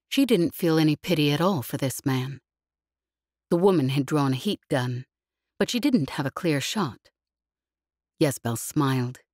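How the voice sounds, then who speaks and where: A woman narrates an audiobook in a low voice with steady, even storytelling. The recording is close and dry, with no room sound. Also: no room sound. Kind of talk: scripted narration.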